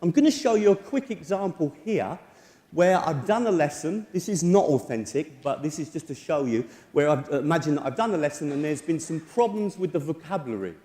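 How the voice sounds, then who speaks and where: A man's voice: fairly high pitch, fairly quick. Man speaking in an echoey lecture hall. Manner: lively, chatty, personal anecdotes. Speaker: presenter at a teachers' conference. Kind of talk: conference talk. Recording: echoey hall with long reverb.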